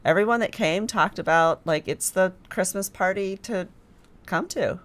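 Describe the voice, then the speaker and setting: A woman's voice: medium pitch, moderate pace, fairly bright tone. A woman with a mid-range voice chats on a podcast. She sounds enthusiastic and talkative, dotting her speech with ums and restarts. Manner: chatty, enthusiastic, lots of fillers. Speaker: podcast guest, filmmaker staff. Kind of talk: casual chat.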